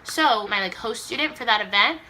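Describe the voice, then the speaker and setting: Speaking briskly and with plenty of animation, this young woman from the LA area tells a heartfelt story for her vlog. Her fairly high voice sounds bright and pushed, she leans on "like" constantly, she imitates whoever she's quoting, and there's a bit of background noise.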